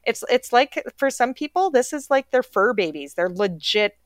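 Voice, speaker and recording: A woman's voice: fairly high pitch, expressive, normal speed, no room sound. A middle-aged woman chatting casually as a podcast host, full of fillers and little acted-out quotes. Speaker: podcast host talking dog training. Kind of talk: casual chat.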